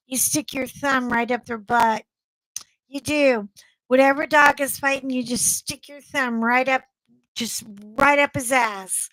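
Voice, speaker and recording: A blunt, chatty middle-aged woman hosting a casual livestream, talking slowly and unhurriedly in a slightly high voice. She laughs easily and speaks straight to her viewers. The sound is dry and close. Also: fairly even intonation, fairly bright tone, no echo, poor audio. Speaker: livestream host. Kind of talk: casual chat with live viewers.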